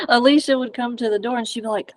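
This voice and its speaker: A woman guest chatting casually about a paranormal investigation, excitable, laughing often and trailing off mid-sentence. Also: fairly high pitch, fairly quick. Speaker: guest, fellow paranormal channel creator. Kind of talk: casual chat.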